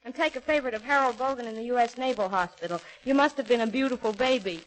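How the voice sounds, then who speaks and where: A woman guesting as a singer on a 1940s radio comedy show, bubbly and quick to laugh, on an old transcription recording. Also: on the high side, slight background noise, low-quality recording.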